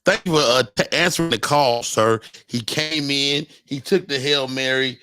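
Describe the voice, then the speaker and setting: Male podcast host, playful banter, tense bright tone, dry close mic. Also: mid-range voice, moderate pace, clear, resonant tone, dry recording. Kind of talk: casual chat.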